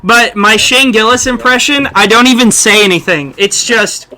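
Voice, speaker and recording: High-voiced and speaking at normal speed, this young podcast host has a bright, forceful tone. The chat is casual, loose and full of jokes, and he keeps drifting into celebrity impressions.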